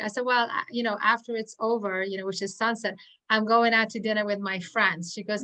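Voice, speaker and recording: A woman on a video call with a bright, forward tone. She speaks earnestly and animatedly at an online event, acting out quoted dialogue as she tells a personal story. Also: medium pitch, steady tone, fairly quick, low-quality recording. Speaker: audience member at an online poetry event.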